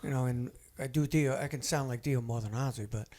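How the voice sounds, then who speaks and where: A man's voice: medium pitch, brisk, mellow. A man guesting on a podcast as a rock singer, telling laid-back stories and laughing often. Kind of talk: casual chat.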